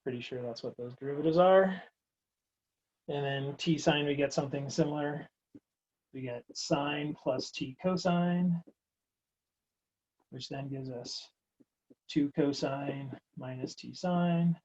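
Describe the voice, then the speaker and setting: A man's voice: on the high side, slow pace, long pauses, darkish tone, lo-fi sound, a little hiss or hum. A man teaching a recorded math lecture, working through steps aloud in a casual, wry way. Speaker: math instructor.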